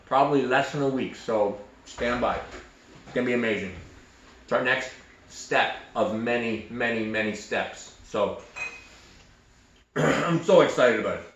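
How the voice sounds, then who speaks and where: Excited Canadian man, echoey room. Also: medium pitch, measured pace, long pauses, highs cut off. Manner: animated, rambling, repeats himself. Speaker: arm wrestler and show host. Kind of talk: casual chat. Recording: echoey room with background noise.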